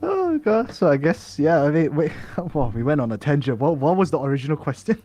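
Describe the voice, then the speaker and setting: A man's voice: fairly high pitch, big pitch swings, brisk, warm tone. A man guesting on a casual podcast who talks in an offhand, joking way.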